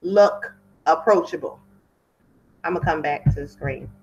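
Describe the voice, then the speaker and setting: A woman's voice: deep voice, unhurried, muffled recording, faint music behind. A woman hosting a webinar for wedding pros, chatty and off script, repeating words for emphasis over a computer mic. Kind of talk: casual talk from a webinar.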